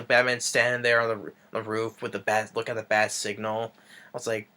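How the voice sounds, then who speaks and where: Guy doing a loose movie recap, bright forceful voice, lots of ums and restarts. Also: mid-range voice, flat delivery, fairly quick. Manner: rambling, full of fillers and restarts. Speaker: movie reviewer.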